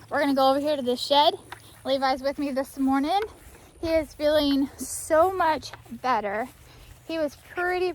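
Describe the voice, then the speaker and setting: High-voiced woman vlogging outdoors. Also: slight background noise. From Florida. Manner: half-yelling to be heard without a mic. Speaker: farm vlogger. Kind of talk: casual vlog narration. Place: outdoors on a farm. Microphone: phone camera, no external mic.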